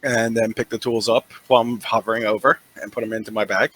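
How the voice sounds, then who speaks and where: A man's voice: lowish voice, level tone, fast talker, fairly bright tone, poor audio. A man playing a tabletop game, casually describing what his character does. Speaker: player.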